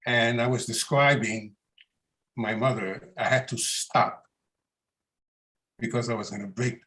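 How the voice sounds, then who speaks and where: A man's voice: medium pitch, steady tone, a little slow, a bit bright. A man on the board, speaking bluntly and plainly at a meeting. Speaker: board member. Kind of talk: personal remarks at a meeting.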